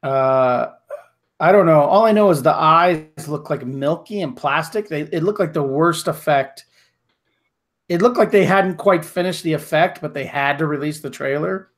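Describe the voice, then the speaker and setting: A man's voice: on the high side, moderate pace. A man co-hosting a podcast in casual chat, blunt and profane with strong opinions. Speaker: podcast co-host.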